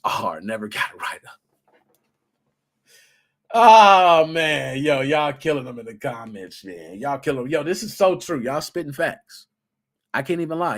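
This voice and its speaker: A man in his thirties hosting a podcast, chatting casually and telling work stories in a slangy, animated way, acting out what people said. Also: mid-range voice. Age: 30s. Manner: animated storytelling, slangy, acts out quotes. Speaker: podcast host. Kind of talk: casual solo podcast talk.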